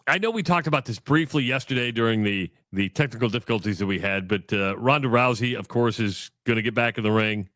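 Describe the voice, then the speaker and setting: A man's voice: mid-range voice, brisk, few pauses, a bit bright, dry recording, studio quality. A man co-hosting a sports radio show, chatting casually and joking, sometimes tripping over his words. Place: radio studio.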